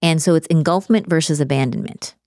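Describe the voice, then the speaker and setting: A woman speaking as a relationship coach in a casual podcast conversation, animated and acting out the voices she quotes. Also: sits low, brisk, no room sound, studio quality.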